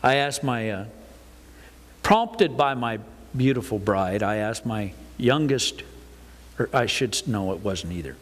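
An older man preaching a folksy, animated sermon to his congregation. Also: on the low side, a little slow. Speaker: pastor. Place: church sanctuary. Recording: reverberant church hall.

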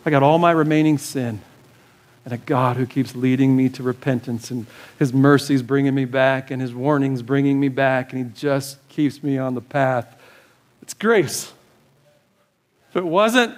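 A male pastor preaching a sermon in an urgent, pleading way, repeating short commands. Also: high voice. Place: church service.

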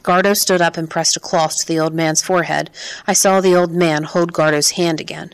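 A woman narrating an audiobook in a calm, measured way. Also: low-pitched. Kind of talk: scripted narration.

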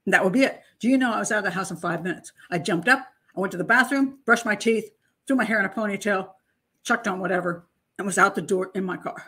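Picture an older woman with a husky, slightly breathy voice talking through a true-crime case. She is emphatic and incredulous, pausing to mock what she reads. Her pitch sits in a plain middle range for a woman. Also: pushed and bright. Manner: emphatic, incredulous, mocks testimony with acted-out voices. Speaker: criminal profiler and channel host. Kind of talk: casual true-crime commentary.

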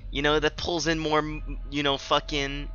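A man's voice: a little high, monotone, normal speed, bright, forceful tone, clear, resonant tone, lo-fi sound. A man giving rambling, profane, joking commentary while playing a video game. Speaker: gamer. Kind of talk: let's play commentary. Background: game audio.

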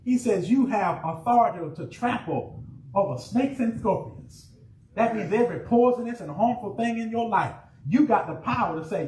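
A fervent pastor preaches in a high, ringing voice, throwing refrains back and forth with his congregation. The sound is roomy and a little distant, with a faint hum of church ambience behind him. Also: fairly quick. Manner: preacherly call-and-response, rising excitement, shouted refrains. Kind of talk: sermon. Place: church sanctuary.

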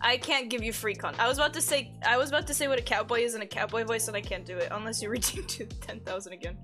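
A woman speaks fast in a fairly high, bright, forceful voice as she casually streams, reading out her chat, swearing freely, and giggling often. Faint music can be heard behind her.

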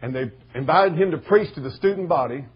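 A man preaching a sermon in a folksy storytelling way, with a husky voice. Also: fairly high pitch, lively intonation, fairly quick, lo-fi sound. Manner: folksy storytelling, rising to shouting bursts. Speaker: pastor.

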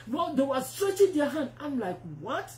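A woman preacher telling a testimony in a sermon, animated and acting out the voices she quotes. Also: sits high, moderate pace. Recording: roomy echo.

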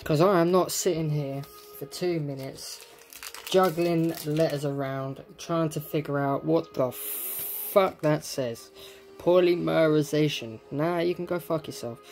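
A man's voice: on the high side, steady tone, measured pace, darkish tone, faint music behind. A young man, casually opening card packs, reading out card names and swearing freely. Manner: laid-back, swears a lot, reads card names aloud. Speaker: card pack opening host. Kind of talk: casual pack-opening chat.

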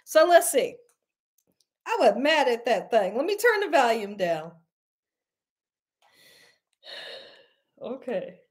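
A woman telling a story to her viewers on a casual livestream, animated and exclamatory, calling them y'all. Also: a little high, a little slow, breathy edge. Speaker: cooking channel host.

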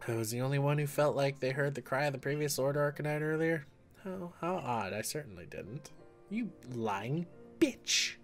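A man giving casual let's-play commentary, excitable and jokey, yelping and shouting at the game. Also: mid-range voice, fairly quick, soft background music.

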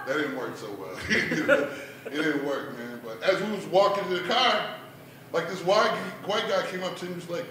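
In a bar's performance room, a man does a laid-back open-mic stand-up set, his high-pitched voice animated and at normal speed, sprinkling in "man" and "like." The room is echoey and noisy, with the mic heard from a distance.

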